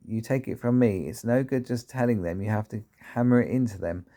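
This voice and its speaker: A bullying headmistress from a storybook, snapping and barking at small children, put on by a male reader. The voice is low and gravelly with a dark, mellow tone. She sounds domineering and scornful throughout. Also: fairly quick, lightly acted. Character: bullying huge female headmistress, tyrannical.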